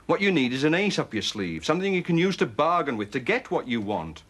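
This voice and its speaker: A self-made businessman who argues bluntly and then reassures. His voice sits at a middle pitch but swoops widely as he makes his points. It is 1980s television soap acting. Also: very animated, fairly quick, a bit bright. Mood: persuasive. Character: practical self-made businessman giving advice.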